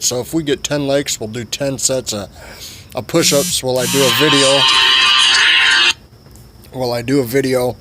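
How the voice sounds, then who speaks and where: A man's voice: mid-range voice, fairly bright tone, a little hiss or hum. A man vlogging a comic story in a rambling, profane way with many fillers.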